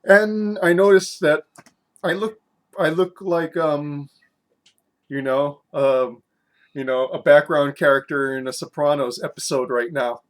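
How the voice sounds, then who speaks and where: A man's voice: on the high side, a little slow. Chatty man reviewing beer at home. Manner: chatty, self-mocking, many fillers and restarts. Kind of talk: casual rambling review.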